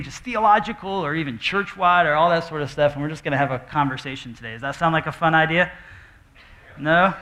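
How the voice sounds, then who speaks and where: A male pastor giving casual church announcements and a live Q&A, nervous, halting, with many fillers and light jokes. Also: a little high, bright, forceful tone. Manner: halting, full of fillers and restarts, joking. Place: church auditorium with audience.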